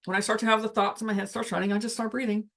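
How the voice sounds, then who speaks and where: A woman talking in a relaxed, reflective way as she coaches listeners. She walks them through deep breaths and often pauses or restarts her thoughts mid-sentence. Her voice sits at an ordinary middle pitch. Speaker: spiritual coach. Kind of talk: casual livestream teaching.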